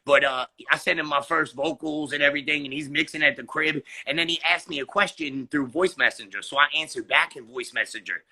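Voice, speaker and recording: Raspy, bright-voiced rapper man. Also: fairly high pitch, fairly quick, few pauses. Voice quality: raspy, gravelly voice. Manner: loud, excitable, profane storytelling with laughs. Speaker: rapper guest. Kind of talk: casual interview chat.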